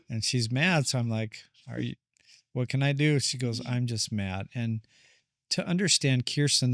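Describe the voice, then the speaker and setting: This man, a therapist appearing as a podcast guest, has a medium-pitched, slightly bright voice captured clean in a studio with no room sound. In casual conversation he tells a family story in an earnest, rambling way, acting out what people said.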